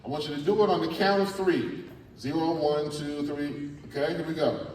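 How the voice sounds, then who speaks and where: A middle-aged man, a spoken word artist giving a lively, playful workshop talk to students in a large school hall. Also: a little high, fairly quick. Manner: animated and playful, coaching the crowd. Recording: echoey hall from far off.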